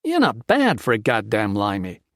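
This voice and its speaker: A male narrator voicing Dino, a brash young American soldier prisoner who talks loud and profane, recorded dry. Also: lowish voice, huge pitch swings, moderate pace, dry recording. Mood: rowdy.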